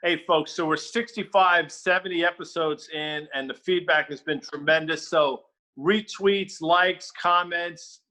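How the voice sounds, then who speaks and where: A man's voice: a little high, fairly even intonation, a little slow, bright, forceful tone, low-quality recording. A man co-hosting a casual talk show about markets, with wry, joking asides. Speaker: podcast co-host.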